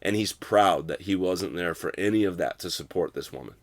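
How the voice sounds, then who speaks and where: A young man in his twenties telling a long personal story in casual conversation, filling every pause with "like" and swearing freely. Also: low voice, no room sound. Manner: rambling, fills with "like", profane. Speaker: guest.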